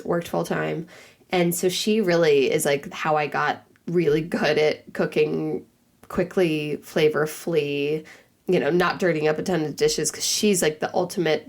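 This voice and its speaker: A woman in her thirties talks casually as a podcast guest. Her voice sits on the low side. She piles up asides and acts out her own thoughts in quotes. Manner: chatty, lots of "like" and quoted asides. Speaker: cookbook author and newsletter writer.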